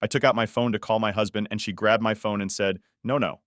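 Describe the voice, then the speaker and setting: A man reading an online post aloud as a story narrator, in a steady, even reading voice. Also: on the low side, fast talker, no room sound, clean studio sound.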